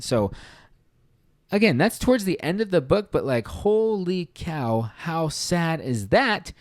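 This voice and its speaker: A man's voice: a little high, very animated, slow pace, no echo, studio quality. A man hosting a podcast, retelling a book's story in a casual, earnest, conversational way. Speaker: podcast host reviewing a book. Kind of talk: casual spoken book review.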